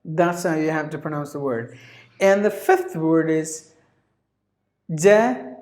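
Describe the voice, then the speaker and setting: A man teaching English pronunciation, repeating each word several times in a drawn-out way. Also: a little high, a little mellow. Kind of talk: pronunciation lesson. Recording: roomy echo.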